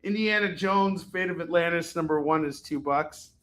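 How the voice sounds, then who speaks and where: In an echoey room with slight background noise, a man sells comics on a live shopping stream, his voice fairly high and bright at a normal speed. He chats and rambles casually, cursing freely while putting a price on every book.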